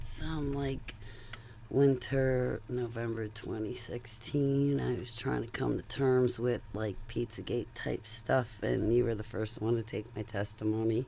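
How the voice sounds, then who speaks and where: Creaky low-voiced woman rambling slowly. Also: fairly even intonation, warm tone. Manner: rambling, chatty, digressive, laughs between thoughts. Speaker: vlogger. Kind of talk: casual rambling monologue.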